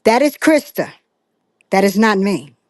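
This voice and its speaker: A woman's voice: medium pitch, sing-song, darkish tone, no echo. Friendly woman popping in on a stream, in a rush, dry close mic. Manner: brisk, friendly, in a hurry to leave. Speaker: viewer joining the stream. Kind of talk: casual call-in chat.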